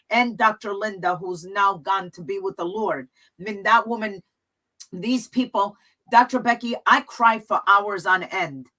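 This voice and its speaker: Speaking sincerely in a talk show conversation, a woman tells her guest her own story. She has a sharp, mid-range voice captured on a low-quality recording.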